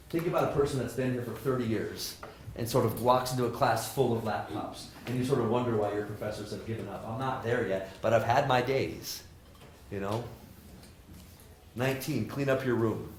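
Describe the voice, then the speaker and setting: A man, a professor, giving a lively motivational talk to students, joking and asking the audience questions. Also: medium pitch, slight background noise. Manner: animated, jokey, asks the audience questions. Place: lecture hall with audience. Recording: roomy hall sound.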